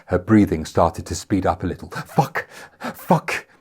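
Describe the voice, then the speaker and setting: A man reading his own novel aloud as a first-person audiobook, measured and dry. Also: low-pitched, steady tone, darkish tone, slightly rough.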